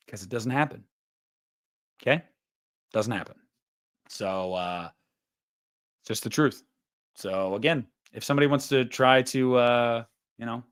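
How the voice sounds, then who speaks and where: A livestream host in his thirties rambles along casually, cursing and cracking jokes. The voice is mid-pitched with a bit of brightness.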